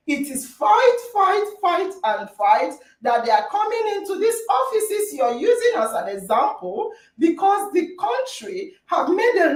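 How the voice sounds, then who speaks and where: Female podcast host, very high and lively voice, insistent and argumentative, distant mic with a roomy echo. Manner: emphatic, argumentative, repeats phrases for stress. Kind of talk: heated debate moderation. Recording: echoey room, distant mic.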